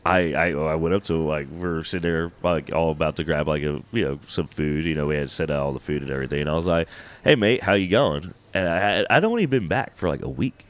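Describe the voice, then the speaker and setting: A man's voice: very deep voice, fast, few pauses. A man from Texas, chatting as a podcast guest, telling laid-back stories and laughing often. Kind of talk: casual podcast chat.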